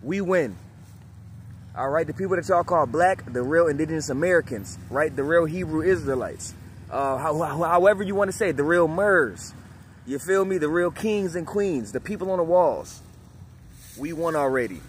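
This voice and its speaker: A man's voice: on the high side, lively intonation, moderate pace, a little hiss or hum. A man vlogger speaking outdoors in an impassioned monologue to the camera, emphatic and preachy, repeating phrases for effect.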